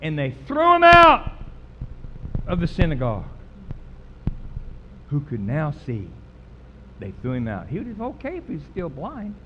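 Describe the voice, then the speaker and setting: A man with a high voice preaches a sermon in a church, emphatic and folksy, hammering words again and again. The recording sounds a bit dull, with a faint hiss behind him. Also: sing-song, moderate pace, long pauses. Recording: slightly dull recording with faint background noise.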